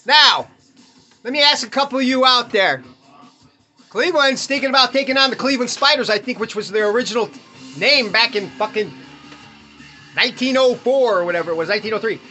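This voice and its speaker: A man's voice: extremely high pitch, fairly quick, pauses often, sharp tone, highs cut off, faint music behind. A man hosting a podcast, ranting bluntly and profanely in casual talk while opening baseball cards, chuckling often. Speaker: podcast host.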